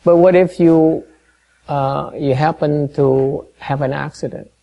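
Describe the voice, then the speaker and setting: A man giving a dharma talk to a meditation class, halting and full of fillers, quizzing and gently teasing his listeners. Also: fairly high pitch, fairly even intonation, creaky, highs cut off. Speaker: meditation teacher.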